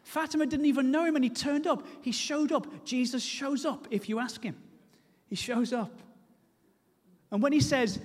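A man preaches with humor and earnest pleading. His voice is very high for a man and rings with the long reverb of a large church hall. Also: moderate pace. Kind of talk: sermon with storytelling.

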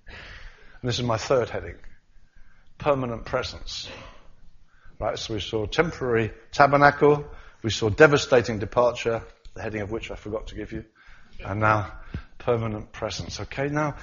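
Lively preacher with a lo-fi sound. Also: male voice, mid-range voice, moderate pace, long pauses, slight background noise. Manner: animated, acts out voices of the disciples. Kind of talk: sermon.

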